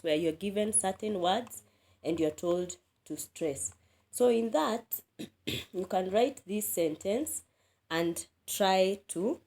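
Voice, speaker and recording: A woman teaching an English grammar lesson, speaking deliberately, repeating key words and asking the listener questions. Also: lowish voice, a little mellow.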